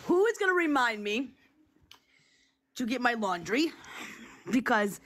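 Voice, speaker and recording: A woman's voice: on the high side, expressive, normal speed, long pauses, a bit bright. Playful woman doing a mock-official bit. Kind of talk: playful improvised skit.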